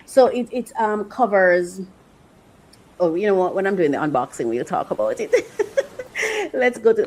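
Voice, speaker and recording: A woman hosting her own podcast, talking in a reflective, earnest way about her feelings and her faith, often pausing, restarting and searching for words. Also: on the low side, big pitch swings, darkish tone, a little hiss or hum, rough recording. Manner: emotional, halting, many restarts and fillers. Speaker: podcast host and author. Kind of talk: reflective solo podcast monologue.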